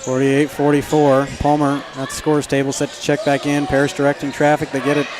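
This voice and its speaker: A man calling a high school basketball game live, with quick excited play-by-play and sudden jumps in pitch. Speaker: play-by-play announcer. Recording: loud gym crowd and noise. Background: basketball crowd and bouncing balls.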